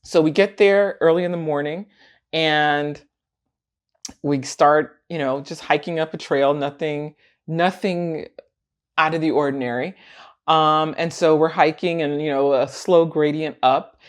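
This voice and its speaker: A woman casually telling a personal story in a vlog, animated and laughing often as she acts out what people said. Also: low voice, unhurried. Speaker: vlogger.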